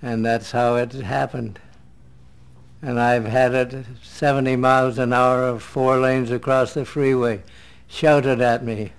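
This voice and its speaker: A man, an actor from a classic TV series, speaking slowly and deliberately in an interview. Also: medium pitch, little pitch movement, vocal fry, clear, resonant tone. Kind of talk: interview anecdote.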